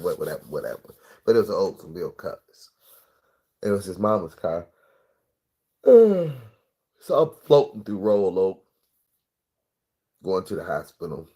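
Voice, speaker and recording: A middle-aged man tells a personal story casually, swearing freely and acting out what people said. His voice is low and husky, with a rough grain to it. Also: brisk. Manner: animated, profane storytelling with acted-out quotes.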